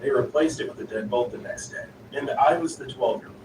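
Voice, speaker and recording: A man's voice: medium pitch, fairly quick. A man reading stories aloud in a plain storytelling delivery. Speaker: story narrator. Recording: roomy, distant, noisy.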